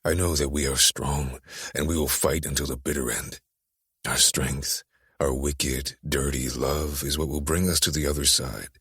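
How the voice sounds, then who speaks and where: A man voicing a gravelly, menacing bad boy. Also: fairly even intonation, normal speed, a bit bright, no room sound, clean studio sound, full character voice. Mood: menacing, teasing. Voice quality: very deep, gravelly, husky. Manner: low, teasing, menacing murmur. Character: brooding tattooed young man, menacing and possessive. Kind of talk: audiobook dark romance voice acting.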